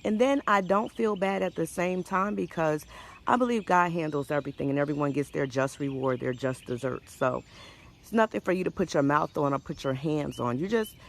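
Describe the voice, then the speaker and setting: A woman speaks as a life coach in a faith-based motivational talk, her voice gravelly with vocal fry. She talks warmly and conversationally, often stopping to restart a sentence. Faint outdoor sounds with birdsong sit behind her. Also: deep voice, brisk, a little hiss or hum. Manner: warm conversational encouragement with frequent restarts.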